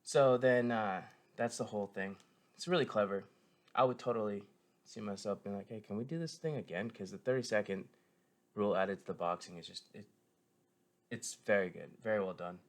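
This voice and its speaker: A show reviewer with a fairly low, fairly even voice talks at a moderate pace. He rambles casually through his review, piling on fillers, restarting sentences and correcting himself, all with the keen enthusiasm of a fan.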